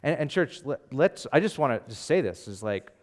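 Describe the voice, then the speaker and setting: A man preaching a sermon as pastor, animated and conversational, acting out voices from the story with casual fillers. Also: mid-range voice, moderate pace.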